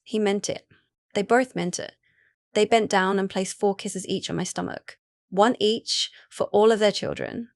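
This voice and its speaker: A woman narrating a first-person romance audiobook in a steady, even reading voice, recorded on a close mic. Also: medium pitch, unhurried, dry recording.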